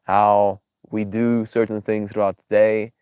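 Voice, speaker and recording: A man's voice: on the low side, level tone, unhurried, a little mellow, smooth, dry recording, clean studio sound. A man with a stuffy nose chatting casually on a live stream, reflective and affectionate, reading viewers' names aloud and musing about life.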